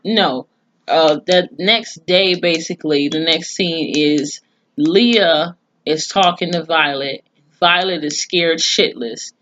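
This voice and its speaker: A woman's voice: deep voice, slow, a bit bright. A woman recapping a TV episode in casual, profane storytelling, with plenty of asides and cursing. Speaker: TV series reviewer.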